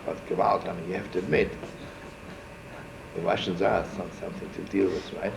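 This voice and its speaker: A man's voice: low voice, steady tone, fairly quick, vocal fry, noisy background. A man, a rabbi, telling a story in a folksy, digressive way, sprinkling Yiddish words and asking "right?" as he goes. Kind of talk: informal storytelling talk. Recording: echoey, muffled archival room recording.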